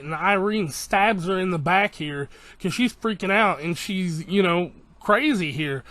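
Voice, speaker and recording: Bright, high-voiced excited male reviewer. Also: moderate pace, hardly any pauses, dry recording. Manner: excited, swears freely, re-enacts scenes. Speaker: anime reviewer. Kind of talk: casual episode recap.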